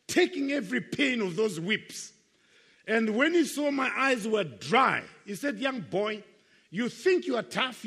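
A man's voice: high voice, bright, forceful tone, slightly rough. Earnest older man preaching in an echoey hall. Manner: earnest, emphatic, repeats key phrases. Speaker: Christian speaker giving his life testimony. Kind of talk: testimony sermon to young people.

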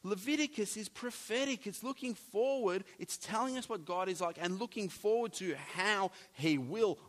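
A man preaching a sermon, animated, with jokey asides and big swings between loud and soft. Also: sits high, moderate pace. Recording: long hall reverb.

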